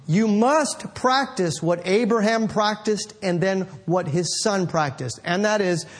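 A man preaching a sermon in an animated, conversational way, calling out to the congregation. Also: high-pitched.

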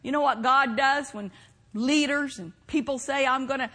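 A woman preaching a sermon, animated, breaking into mocking laughter and shouts. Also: sits high, unhurried.

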